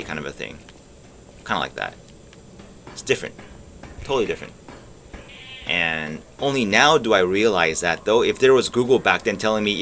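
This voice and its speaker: A man's voice: on the low side, lively intonation, fairly quick, long pauses, sharp tone, a little hiss or hum. A man rambling and musing aloud while playing a video game, swearing casually and trailing off mid-thought. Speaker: gaming streamer. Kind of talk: rambling commentary while gaming.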